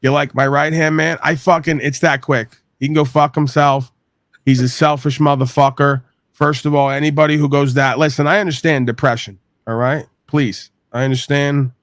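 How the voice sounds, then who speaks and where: A man's voice: fairly high pitch, steady tone, moderate pace, fairly bright tone, no echo, clean studio sound. A man from New York hosting a podcast, talking in a crude, rambling, profane rant and venting. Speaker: podcast host. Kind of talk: profane ranting monologue.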